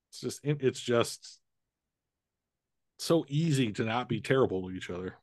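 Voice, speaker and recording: A man's voice: mid-range voice, lively intonation, measured pace, darkish tone, dry recording, studio quality. A man co-hosting a casual chat podcast, rambling through ideas with a lot of swearing and joking. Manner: rambling, swears, jokes about fan topics. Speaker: podcast co-host.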